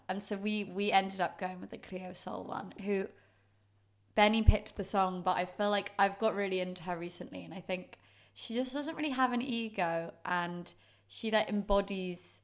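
Chatty woman, podcast co-host, giggly casual talk at home on a close mic. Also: on the low side. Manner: chatty and giggly, many likes. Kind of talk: casual chat. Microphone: podcast microphone.

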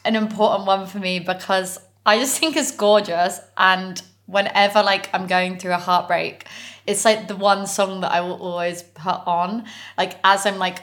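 Brief: young British woman, podcast co-host, chatty and giggly, filler-heavy, mid-pitched voice. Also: fairly even intonation, normal speed, a bit bright. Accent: British English. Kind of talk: casual chat.

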